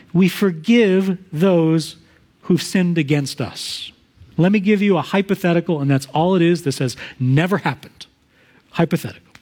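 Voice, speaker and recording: A man pastor preaching a sermon in an earnest teaching manner, livening points with made-up everyday examples. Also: high-pitched.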